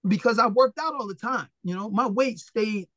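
High-voiced man telling blunt boxing stories. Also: moderate pace, dry recording. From Philadelphia, USA. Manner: animated, blunt and profane, acts out quoted dialogue. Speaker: retired boxer, interview guest. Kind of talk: casual storytelling interview.

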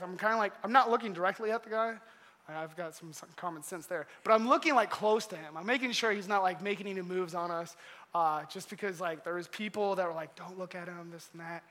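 A young man telling a story during a casual sermon, animated and full of laughs and filler words. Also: high-pitched. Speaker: youth pastor. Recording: long hall reverb.

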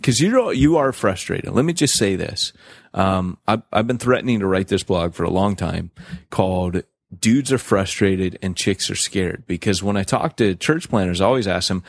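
Animated, jokey male podcast host. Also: lowish voice, normal speed, no room sound, studio quality. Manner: animated, jokey, many restarts and fillers. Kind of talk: casual podcast chat.

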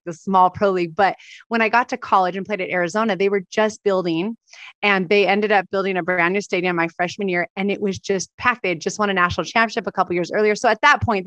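A woman's voice: medium pitch, a bit bright, no echo. A woman in her forties from Southern California, hosting a podcast interview with enthusiasm and relating her own stories. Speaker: podcast host. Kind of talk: casual interview.

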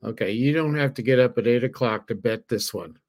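An easygoing man co-hosts a casual sports betting talk and thinks through his picks out loud. He hesitates with fillers and laughs at his own slips, and his voice sits at an ordinary pitch. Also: fairly quick. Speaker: sports betting podcast co-host.

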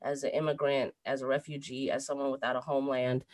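A woman in her thirties telling a personal story in casual chat, animated and breaking into laughter. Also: extremely low pitch, fast talker, no room sound. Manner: animated storyteller, laughs through a sad tale.

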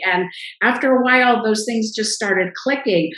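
Middle-aged woman guest, lively storyteller, roomy echo on the voice. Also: fairly high pitch, normal speed. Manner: animated storyteller, acts out quoted voices. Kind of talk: casual interview storytelling.

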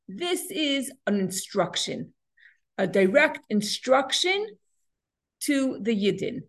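A woman's voice: on the high side, big pitch swings, slow. Woman teaching a Torah lesson. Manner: explanatory, asks and answers her own questions; frequent restarts and repeated words.

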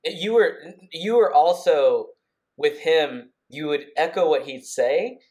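A man co-hosting a podcast, recounting events in a casual, rambling way with many restarts and quick bursts. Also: a little high, lively intonation, a little mellow. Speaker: podcast co-host. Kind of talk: casual conversational storytelling.

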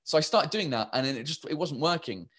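A man's voice: on the high side, lively intonation, fast, fairly bright tone. Rambling English man in casual chat. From England. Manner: rambling, many restarts and fillers. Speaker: stand-up comedian, guest.

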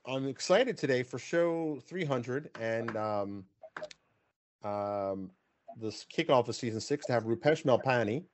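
A man's voice: mid-range voice, animated, measured pace, slight background noise. A man hosting a casual video-call interview, chatty and rambling with fillers and restarts. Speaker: podcast host.

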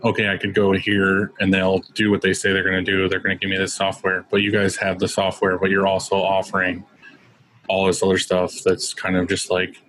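A man's voice: sits low, completely flat delivery, a little fast, fairly bright tone, low-quality recording. A man co-hosting a podcast, chatting casually with lots of "like" fillers. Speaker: podcast co-host.

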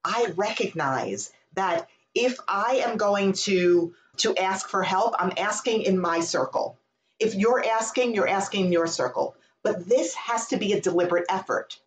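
A candid woman speaking in a middle pitch, telling her story in a loose, conversational way. She is animated and swears freely. The sound has a roomy echo around it. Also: a little slow.

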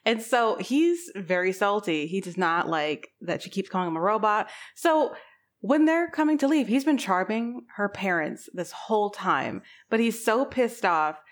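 A woman's voice: fairly high pitch, animated, unhurried. A woman co-hosting a casual podcast, chatting and adding plot details to a friend's retelling. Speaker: podcast co-host. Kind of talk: casual book recap chat.

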